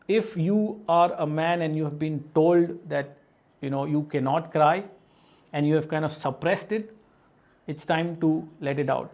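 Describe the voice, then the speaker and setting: Earnest man with a high voice. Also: darkish tone, muffled recording. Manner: earnest, asks the viewer questions, many "right?" and "you know". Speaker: motivational video host. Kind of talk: direct-to-camera self-help talk.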